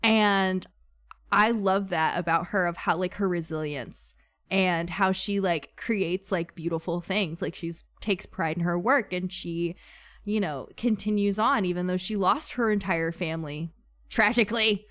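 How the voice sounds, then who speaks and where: A woman's voice: fairly low pitch, a bit bright. Woman, casual book club host, bubbly, laughs a lot, chatty. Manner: bubbly, laughs often, quick asides.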